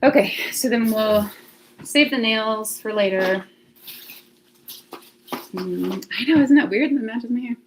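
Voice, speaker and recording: A woman with a higher voice takes her time, leaving long pauses over slight background noise. She's hosting a relaxed livestream from home by the laundry closet, chatting to viewers, thinking out loud and often laughing.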